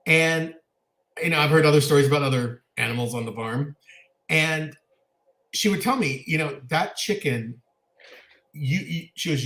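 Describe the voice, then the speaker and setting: A man with a fairly high voice tells stories in a lively, animated way, laughing as he goes. His casual chat sounds echoey, as if recorded in a bare room. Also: normal speed, long pauses. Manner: animated storyteller, laughs often. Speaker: co-host.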